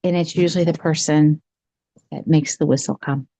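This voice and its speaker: A woman's voice: low voice, steady tone, normal speed, warm tone. A woman voicing a stern, worried mother who speaks in a firm, warning tone. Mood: grave.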